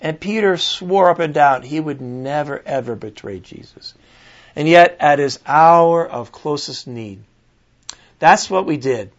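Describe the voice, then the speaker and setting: A man preaching a sermon, reading scripture aloud and reflecting earnestly with pauses and restarts. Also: a little high, expressive. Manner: earnest, pausing, restarts and fillers while reflecting. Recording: dull lo-fi recording.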